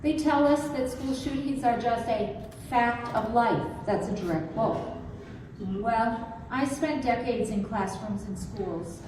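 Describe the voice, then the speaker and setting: A middle-aged woman from southwestern Minnesota giving a measured, emphatic campaign speech, with folksy asides. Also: fairly high pitch. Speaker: political campaign speaker. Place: restaurant event room. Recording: echoey, distant room recording with crowd noise.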